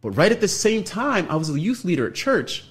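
A man from Canada, a guest on a radio show, telling a long story with lively energy and acting out the other people in it. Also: high-pitched, a little fast, breathy edge. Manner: animated storyteller, acts out other people's lines.

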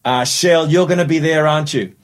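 A man's voice: on the high side, a little fast. A man from Australia hosting a radio studio chat, upbeat and chatty, a little nasal from a cold. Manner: upbeat, chatty, laughs often, repeats words. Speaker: radio show host.

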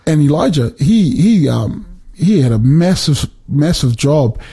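A man explaining Bible passages in a relaxed conversation, animated and emphatic, often repeating words as he builds his point. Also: a little high, measured pace, breathy edge. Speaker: Bible teacher.

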